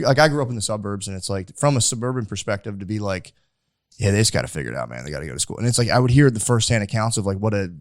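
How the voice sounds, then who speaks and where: Brief: young male podcast host, quick and rambling, low-ish voice, dry close mic. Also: a little mellow, no room sound. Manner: rambling, lots of filler likes. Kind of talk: casual chat.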